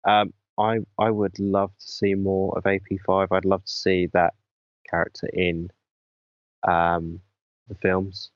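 A man in casual interview chat, talking hesitantly with many pauses and restarts. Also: low voice, completely flat delivery, dry recording. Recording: dull dry lo-fi sound.

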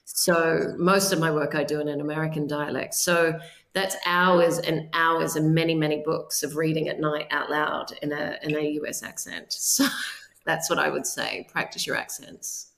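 A low-pitched woman in her forties with a New Zealand accent, talking as an interviewed actor. She gives earnest advice and often restarts her sentences. Her voice carries a roomy echo. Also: steady tone, normal speed, vocal fry, fairly bright tone. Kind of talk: casual interview chat.

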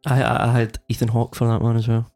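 A man co-hosting a film podcast, quick and halting with restarts as he sums up a plot. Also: mid-range voice, completely flat delivery, a little mellow, soft background music. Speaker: podcast co-host. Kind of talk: casual chat, reading a plot summary.

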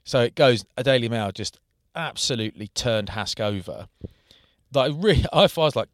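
A man in casual podcast banter, telling an animated story about a friend. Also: medium pitch, normal speed, no echo. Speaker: podcast co-host. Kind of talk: casual chat.

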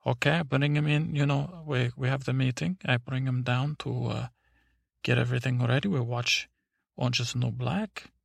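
Halting, gravelly Eastern European superheroine, put on by a man, broken English, husky tone, dry close sound. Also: mid-range voice, fairly even intonation, no room sound. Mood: rambling. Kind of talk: sleep story character voice.

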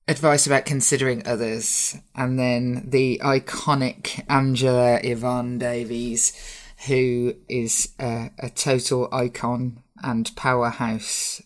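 A woman with a Birmingham accent hosting a podcast interview, chatty and often laughing as she talks. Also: a bass voice. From Birmingham, England. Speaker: podcast host. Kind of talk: casual interview chat.

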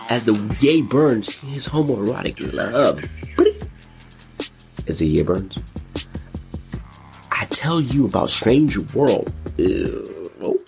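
A man hosting a casual commentary show, excitable and jokey, breaking into sudden squeals and exclamations. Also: medium pitch, slow, vocal fry, pauses often, over music. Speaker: podcast host.

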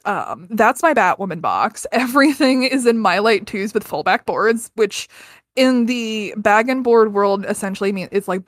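A woman's voice: mid-range voice, dry recording. Woman, 30s, podcast guest; candid, swears, lots of restarts; dry close sound. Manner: earnest and candid, swears freely, many restarts. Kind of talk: casual personal storytelling.

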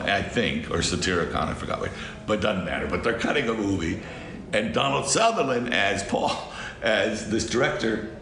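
A man telling an animated anecdote as a film director guest in a casual interview, laughing often. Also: lowish voice, background noise. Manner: animated storyteller who laughs a lot. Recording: roomy with crowd chatter.

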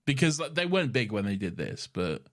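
A man's voice: mid-range voice, sing-song, fairly quick. A young man co-hosting a podcast in casual chat, giggly and rambling as he reads listener emails. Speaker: podcast co-host.

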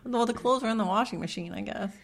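A woman's voice: a little high, quick pace, vocal fry. A woman co-hosting a casual chat show, recapping episodes with wry, blunt quips and casual swearing. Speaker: podcast co-host.

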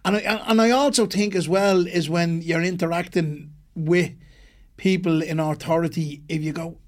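A man, co-hosting a casual podcast and chiming in with quick agreements. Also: on the high side, fairly even intonation. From Ireland. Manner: chimes in with short agreements. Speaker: podcast co-host.

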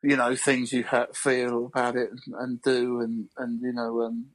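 Man, actor guest, casual podcast chat, hesitant, stumbling restarts, mid pitch. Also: monotone, measured pace, rough recording.

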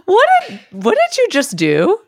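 A woman co-hosting a podcast, trading quick, dry quips and teasing her partner. Her voice sits mid-range and moves around a lot. The recording is close and dry. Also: high-pitched, wildly swooping pitch, no echo. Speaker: podcast co-host. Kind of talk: casual joking chat.

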